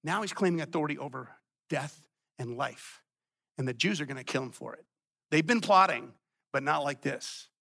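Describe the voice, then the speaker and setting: High, bright-voiced male pastor preaching. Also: normal speed, vocal fry. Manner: emphatic, repeats phrases, swings between loud and quiet. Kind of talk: sermon.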